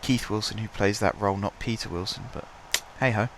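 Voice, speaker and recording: Talking briskly in a lowish, fairly bright voice, a congested man commentates a game in relaxed let's-play style with slight background noise behind him. He chats freely, pokes fun at himself, and keeps clearing his throat.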